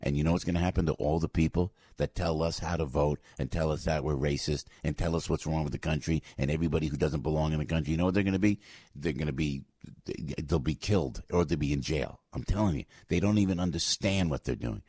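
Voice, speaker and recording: A man's voice: extremely low pitch, quick pace, husky, no echo, studio quality. An older man hosting a morning radio show, in a fired-up, rambling monologue full of restarts. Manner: animated, rambling, with many restarts and fillers. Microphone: studio microphone.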